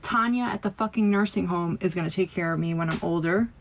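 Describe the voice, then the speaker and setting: A woman's voice: on the low side, fast talker, slight background noise. A woman in a played clip giving her opinion bluntly and lecturing her viewers, with some swearing.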